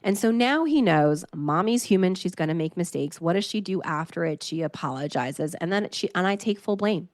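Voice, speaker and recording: Lower-pitched woman in her thirties, upbeat coaching guest, dry close mic. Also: moderate pace, hardly any pauses, no echo. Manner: upbeat, earnest, animated storytelling. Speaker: podcast guest, relationship coach. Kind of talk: conversational interview.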